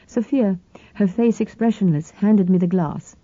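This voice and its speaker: A woman narrating a novel in the first person, reading in an even, measured way. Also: lowish voice, no room sound. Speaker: audiobook narrator. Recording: slightly dull, dry lo-fi recording.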